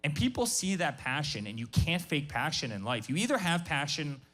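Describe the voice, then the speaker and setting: A man's voice: a little high, very animated, normal speed, fairly bright tone, soft background music. A man in his forties giving an emphatic business talk to a live workshop audience, repeating himself and restarting phrases often. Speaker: guest speaker.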